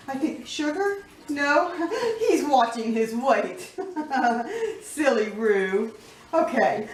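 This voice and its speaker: A woman chatting casually in a home kitchen cooking vlog, giggling and talking to her pets as she bakes. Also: fairly high pitch. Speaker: cooking vlogger. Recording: echoey room, somewhat far from mic.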